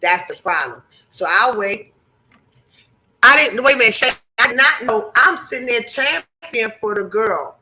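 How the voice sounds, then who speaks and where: A woman hosting a livestream, lecturing her chat in a blunt, heated way and swearing freely. Her voice is very bright and sharp. She sounds preachy and fired up. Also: a little high, lively intonation, unhurried, low-quality recording. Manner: blunt, profane, preachy, addresses chat viewers. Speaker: livestream host.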